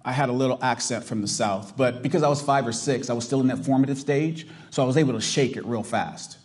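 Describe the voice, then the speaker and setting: A middle-aged male pastor from the US South, who has a Californian accent, preaches a sermon emphatically, firing rhetorical questions at the congregation. His mid-range voice is fast and has a darkish tone.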